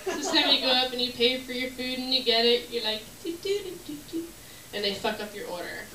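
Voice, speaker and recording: A woman performing stand-up on a club stage with an animated delivery and a fairly high voice. She works the crowd and acts out her bits. The sound is distant and echoey, with noise underneath. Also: quick pace. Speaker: stand-up comedian. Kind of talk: stand-up comedy set. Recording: echoey room from far off, noisy.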